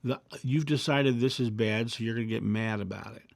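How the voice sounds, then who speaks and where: A man hosting his own video channel, reflecting calmly through personal anecdotes and parables in a casual monologue. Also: medium pitch, fairly quick, vocal fry, no room sound. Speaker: video host.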